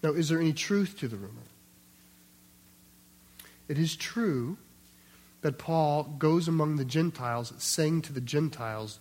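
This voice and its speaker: A man with a high voice preaches through a scripture passage. He keeps it conversational, acts out the voices he quotes and restarts phrases as he thinks aloud. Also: sing-song, normal speed, pauses often, darkish tone, slightly rough. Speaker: pastor. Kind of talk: expository sermon.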